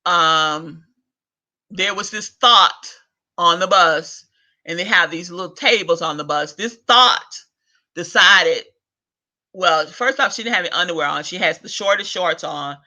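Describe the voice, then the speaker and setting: High, bright-voiced ranting man. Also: a little slow. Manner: profane, exasperated, laughs between lines. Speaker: vlog host. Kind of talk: ranting monologue.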